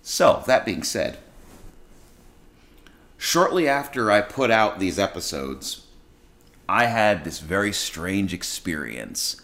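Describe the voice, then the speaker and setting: A man with a very deep voice tells a story in a casual monologue. His manner is blunt and exasperated, and he often restarts his sentences as he talks. He speaks as the host of his own show. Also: sing-song, slow, long pauses, fairly bright tone. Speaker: podcast host and restaurant worker.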